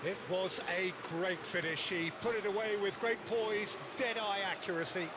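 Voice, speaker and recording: A man voicing a lively play-by-play football commentator in a video game, excitable and rising to shouts on goals. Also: high voice, normal speed, natural voice. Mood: excited. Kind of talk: scripted sports commentary. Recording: game audio under stream noise.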